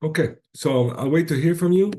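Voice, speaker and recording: A man's voice: fairly high pitch, moderate pace, warm tone. A man with a slightly worn-out voice wrapping up an online presentation, informal and encouraging, often checking in with "right?". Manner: informal, many restarts and rhetorical "right?". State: slightly lost voice.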